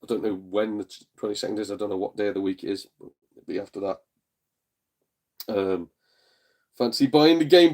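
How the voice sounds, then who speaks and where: A man's voice: on the low side, a little fast, pauses often, darkish tone. Chatty man on a home live stream. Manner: chatty, blunt, jokey, swears, puts on voices in retold exchanges. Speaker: streamer and gaming channel host. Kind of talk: casual live-stream chat reading viewer comments. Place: at home in a front room.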